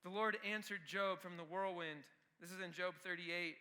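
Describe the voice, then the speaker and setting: A man's voice: sits high, brisk, few pauses, pushed and bright. A man preaching a youth sermon with energy, talking straight to the students. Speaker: youth pastor.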